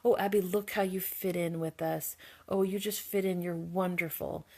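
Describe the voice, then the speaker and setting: A controlling older woman boss, low-voiced and gravelly, who flatters one moment and scolds the next, as a woman quotes her in a spoken video review. The tone is low and a little rough, with no studio polish. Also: normal speed. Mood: fawning. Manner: alternately gushing and scolding.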